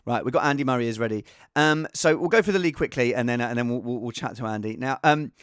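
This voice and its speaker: A man hosting a casual fantasy football show, rambling and animated, with a self-mocking tone. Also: mid-range voice, fast, no echo, clean studio sound. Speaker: host.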